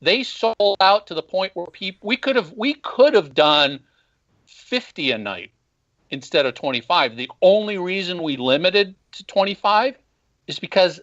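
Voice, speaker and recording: Man caller, bright and forceful, blunt opinions, muffled phone-in sound. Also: high-pitched, big pitch swings, measured pace. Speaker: podcast host and former band marketer. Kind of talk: casual call-in interview. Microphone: phone call.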